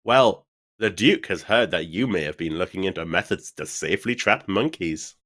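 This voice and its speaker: Guy reading a game hero, earnest, lowish voice, formal lines. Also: lively intonation, normal speed, a bit bright.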